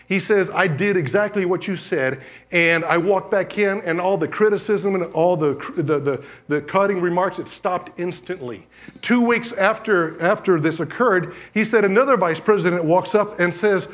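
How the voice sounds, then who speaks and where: A high-voiced man preaching from the pulpit, animated and conversational. He tells stories and acts out the voices of the people in them, swinging between loud emphasis and quiet asides. His voice sits noticeably high for a man. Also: normal speed. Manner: animated storytelling, acts out quoted dialogue. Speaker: pastor. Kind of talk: sermon testimony.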